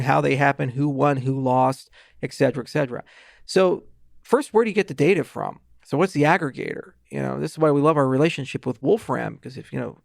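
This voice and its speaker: A man as a podcast guest, explaining technical ideas fast with asides and restarts. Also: medium pitch, vocal fry, no room sound, clean studio sound. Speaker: guest, blockchain founder. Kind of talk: podcast interview.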